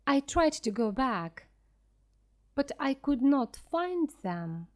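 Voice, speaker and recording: A woman reads a simple adventure story for beginner learners. She speaks slowly and clearly, her pitch a bit high and her intonation lively. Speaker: narrator.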